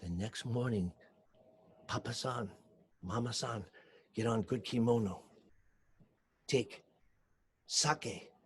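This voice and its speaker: A man with a Hawaiian Pidgin accent telling a story aloud, acting out voices and dropping to hushed whispers. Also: mid-range voice, slow, pauses often, slightly rough. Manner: animated, acts out voices, shifts from shouts to hushed whispers. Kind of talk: oral storytelling. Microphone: home recording for video call show.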